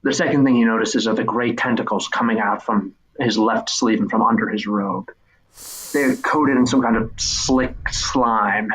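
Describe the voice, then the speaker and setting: A man narrating a tabletop game as game master, animated, with frequent restarts. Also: fairly low pitch, moderate pace, breathy edge, rough recording. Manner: animated storytelling with restarts and laughs.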